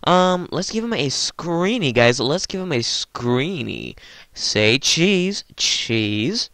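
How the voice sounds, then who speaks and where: A man hosting his gaming channel, giving excited gameplay commentary, giddy and stammering, addressing his viewers as guys. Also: a little high, a little slow, creaky, dry recording.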